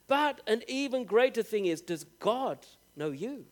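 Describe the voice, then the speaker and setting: A male preacher with a strikingly high voice delivers a sermon. He speaks earnestly and straight to his listeners. He leans on key phrases, drawing them out and lifting his pitch for emphasis. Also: lively intonation. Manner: earnest, direct address to the congregation; rises with emphatic, drawn-out phrases.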